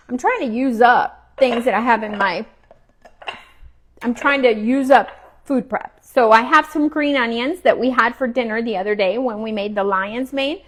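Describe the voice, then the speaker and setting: A woman's voice: on the high side, a little hiss or hum. A woman chatting casually while she cooks in her home kitchen, talking as she works and sometimes chewing. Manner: chatty, relaxed, talks while cooking and chewing. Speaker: cooking vlogger.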